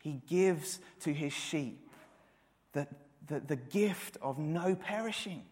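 In a church hall with long reverb, a man in his thirties preaches an earnest sermon, repeating words and building to emphatic peaks. His voice is on the high side and darkish in tone, animated yet slow.

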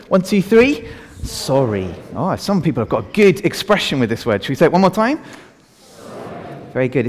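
A man preaching an all-age sermon, asking the congregation questions and leading a prayer. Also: fairly high pitch. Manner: animated, asks the congregation questions. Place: church hall. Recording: reverberant church hall.

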